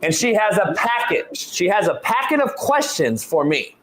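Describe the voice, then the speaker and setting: Animated, profane male show host. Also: sits high, moderate pace, a little hiss or hum. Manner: animated, profane, repeats and restarts words. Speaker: show host, football coach. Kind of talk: casual sports talk storytelling.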